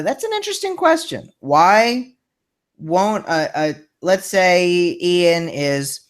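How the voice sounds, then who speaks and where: Male host, somewhat high voice, friendly and hesitant, casual live chat. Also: fairly bright tone, clear, resonant tone. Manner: friendly, hesitant, lots of fillers. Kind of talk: casual live-show chat, reading viewer questions.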